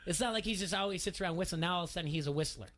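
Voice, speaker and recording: A man's voice: sits high, rapid-fire, soft background music. Storytelling male radio host. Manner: storytelling, animated when quoting. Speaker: radio sports talk host. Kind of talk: casual chat.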